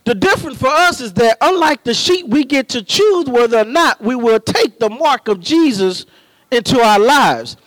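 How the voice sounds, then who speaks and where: A man preaching a sermon, building from slow, measured teaching to impassioned shouted emphasis. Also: extremely high pitch, lively intonation, no echo, low-quality recording.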